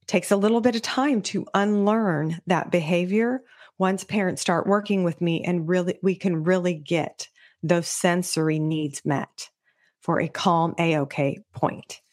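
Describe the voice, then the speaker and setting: Slightly slow and steady, this middle-aged woman's lowish, darkish voice carries her solo podcast. As a children's sensory specialist, she teaches parents about child behavior in an earnest way, occasionally acting out parents' and kids' words.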